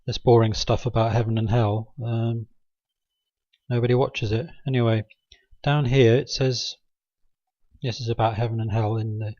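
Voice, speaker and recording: A man's voice: medium pitch, little pitch movement, normal speed, darkish tone, no echo, dull audio. A man rambling through a satirical monologue, sarcastic and hesitant, with many ums. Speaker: video maker.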